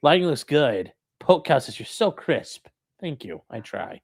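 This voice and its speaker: A man's voice: on the high side, sing-song, a little slow, gravelly. A young man hosting a casual call-in livestream from a room at home, rambling and joking while reading chat aloud. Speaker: call-in show host.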